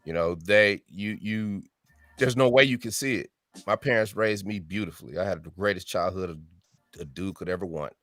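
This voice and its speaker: A man in his fifties with a lowish voice tells his story as an interview guest. He acts out the voices of the people he quotes and keeps tagging his sentences with "right?". The sound is close and dry, with no room echo. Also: normal speed, a bit bright, faint music behind. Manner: frequent tag question "right?". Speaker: music artist guest.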